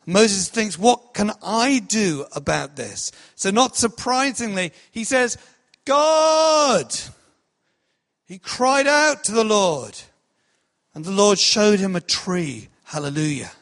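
A man preaching a sermon with a slow, emphatic delivery, sometimes calling out to act out cries. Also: sits high, lively intonation, gravelly, fairly bright tone. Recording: long hall reverb.

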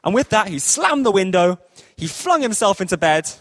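Playful male storyteller for a church kids' story, high animated voice, dry sound. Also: normal speed, no room sound. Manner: playful, jokey asides. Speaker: children's story teller in church. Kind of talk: lively read-aloud storytelling.

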